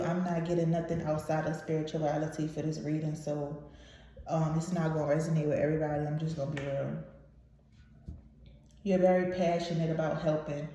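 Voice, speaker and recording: A woman's voice: low voice, warm tone. A woman giving a casual tarot reading to her viewers, emotional and blunt, swearing freely. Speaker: tarot reader. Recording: very echoey room.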